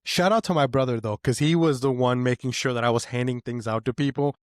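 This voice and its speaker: Man, podcast co-host, casual, eager storyteller who gets excited and louder, dry close mic. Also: mid-range voice, a little fast, no echo. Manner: excitable storytelling, voice rises when animated. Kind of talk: casual chat.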